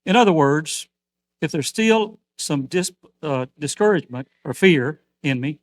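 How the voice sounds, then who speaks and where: A man's voice: a little high, normal speed, no echo. Older male preacher, dry close sound. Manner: storytelling preacher, swings from loud to soft. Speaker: outreach minister. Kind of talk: sermon.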